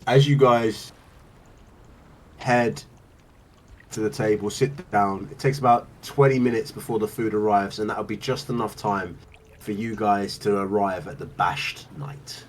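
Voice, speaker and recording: A man's voice: fairly low pitch, steady tone, measured pace, far from the mic, a little hiss or hum, poor audio. A man narrating as game master, rambling with lots of fillers and laughing as he describes scenes.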